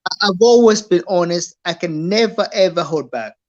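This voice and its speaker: A man's voice: high voice, lively intonation, normal speed, a little mellow. A man talking as a guest on a casual live chat, insistent, with frequent stammering restarts. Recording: dull lo-fi sound.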